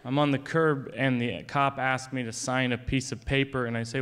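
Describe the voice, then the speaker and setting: A man telling a long comic story on stage, with a dry, wry, deadpan delivery. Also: mid-range voice, fairly quick, few pauses. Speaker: comedian. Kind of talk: stand-up storytelling.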